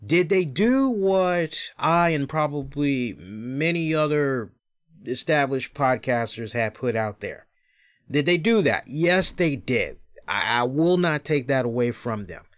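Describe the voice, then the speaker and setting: A wrestling podcast host with a mid-range voice and lively intonation rants casually and profanely, taking his time as he speaks. He throws in mocking impressions of the people he discusses.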